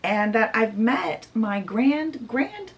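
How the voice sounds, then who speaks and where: A woman's voice: a little high, sing-song, slow, exaggerated voice. Naive eight-year-old princess girl, voiced by a woman, eager and questioning, storybook tone. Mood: curious.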